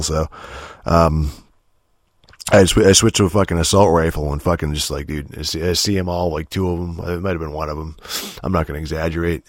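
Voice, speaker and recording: Man, very deep voice, rambling profane gaming chat, dry close sound. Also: fairly even intonation, a little fast, no room sound. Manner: profane, rambling, heavy filler words. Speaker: gamer telling stories. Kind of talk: casual rambling monologue.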